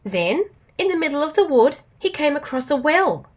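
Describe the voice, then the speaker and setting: A woman with an Australian accent reading a storybook aloud to children, expressive and animated. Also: sits high, normal speed.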